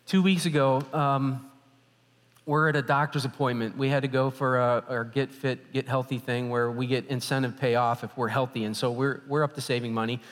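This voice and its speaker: A male pastor preaching a sermon, telling stories in a lively, animated way. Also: mid-range voice, moderate pace. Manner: animated storytelling. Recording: hall reverb.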